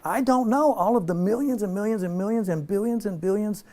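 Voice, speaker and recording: A man leading an informal spiritual teaching for a small group, relaxed and playful, slowing down for emphasis. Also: high-pitched. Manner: relaxed, playful, laughs often, slows for emphasis.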